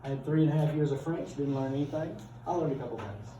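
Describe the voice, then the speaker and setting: A man's voice: medium pitch, fast, lo-fi sound, background noise. A middle-aged man, teaching a class in a casual, joking, chatty way. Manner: folksy, joking, chatty with students. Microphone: far from the speaker. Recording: roomy classroom from far off.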